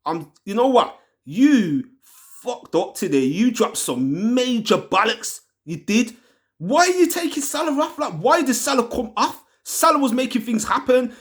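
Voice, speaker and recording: A man's voice: extremely high pitch, big pitch swings, a little slow. A man hosting a fan channel, ranting in a swearing, slangy, exasperated way about his team. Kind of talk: angry football fan rant.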